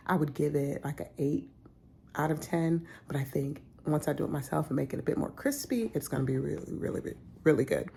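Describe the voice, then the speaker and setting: A woman's voice: low-pitched, fairly quick, vocal fry, mellow, slight background noise. A woman vlogger talking casually about food, sometimes dropping into a whisper. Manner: chatty, drifts into whispers. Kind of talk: casual vlog chat.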